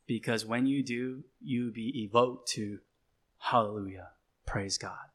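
Slow, emphatic male preacher. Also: mid-range voice, fairly bright tone. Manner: emphatic, repeats phrases, slow deliberate delivery. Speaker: pastor. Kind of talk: sermon.

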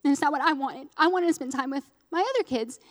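A woman's voice: sits high, fast talker, big-room sound. Earnest woman giving an emotional testimony. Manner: earnest, emotional storytelling with restarts. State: close to tears. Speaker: speaker at a church gathering. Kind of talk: personal testimony sermon.

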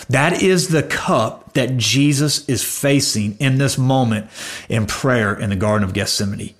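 A man preaching a sermon, earnest, rising for emphasis and dropping to hushed low lines.

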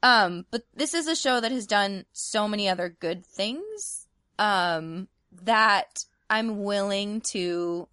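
A woman co-hosting a casual podcast, agreeable and quick to chime in with short affirmations. Her voice is bright, recorded dry and close with no room sound. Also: medium pitch, clear, resonant tone, dry recording.

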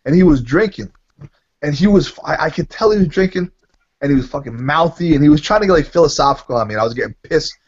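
A man in casual podcast chat, telling animated, profanity-laced stories. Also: a little high, fast, breathy edge, highs cut off.

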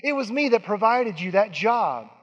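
Brief: a man playing a loving God, reassuring and pleading, a high voice ringing in a big reverberant hall. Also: very animated, moderate pace, highs cut off. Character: patient loving God speaking to a listener.

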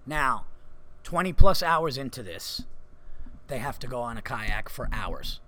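A man's voice: medium pitch, sing-song, unhurried, pushed and bright, a little hiss or hum. A man hosting a podcast, telling a long story in casual chat, swearing a lot and filling with "like". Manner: swears freely, lots of "like" fillers. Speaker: podcast host. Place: comedy club.

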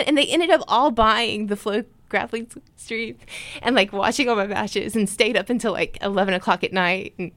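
A woman's voice: a little high, normal speed, a bit bright, no echo. A woman guest in a casual interview, talking in an earnest, rambling way with many "like" fillers. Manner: earnest and open. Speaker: podcast guest, jiu-jitsu competitor.

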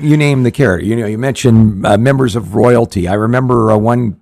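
This pastor and show host offers conversational Bible teaching, earnest and rambling, with lots of restarts and fillers. He speaks fairly quickly at medium pitch with some vocal fry, sounding a little mellow in a dry, close recording with no room sound.

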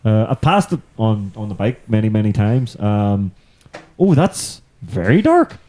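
A man's voice: fairly low pitch, sing-song, a little slow, warm tone. Laid-back Belfast man hosting a podcast. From Northern Ireland. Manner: chatty, swears freely, laughs often. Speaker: podcast host. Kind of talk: casual chat.

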